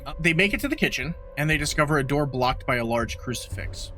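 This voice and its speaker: A man co-hosts a laid-back movie podcast, walking through the plot with lots of swearing and running commentary. His voice sits a bit high and bright and jumps around in pitch. Faint music plays behind him. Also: quick pace. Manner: profane, animated storytelling recap. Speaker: podcast co-host. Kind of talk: casual podcast movie recap.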